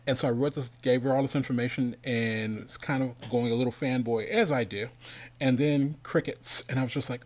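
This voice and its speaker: A man's voice: medium pitch, steady tone, quick pace. A middle-aged man hosting an online summit, telling a long casual story, rambling and cutting himself off, laughing often and slipping into other people's voices. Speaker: host of an online animation summit.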